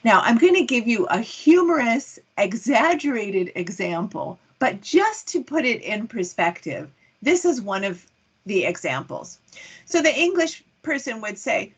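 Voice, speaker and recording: A woman English communication coach giving a lively online workshop talk, posing rhetorical questions to her audience. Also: fairly high pitch, unhurried, breathy edge.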